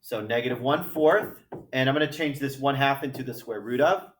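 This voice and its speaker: Chatty math teacher in an echoey classroom. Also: male voice, medium pitch, moderate pace, recorded from a distance. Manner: chatty, jokey, thinks aloud while working problems. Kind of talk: classroom lecture.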